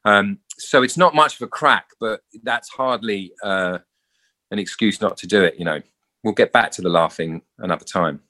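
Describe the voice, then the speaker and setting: Lively actor telling stories. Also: male voice, lowish voice, moderate pace. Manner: animated storyteller acting out quotes. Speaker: actor guest. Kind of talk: casual interview chat.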